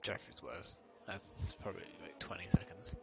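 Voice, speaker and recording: A man giving casual live commentary on an online race, relaxed and chatty, laughing often. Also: sits low, moderate pace, vocal fry.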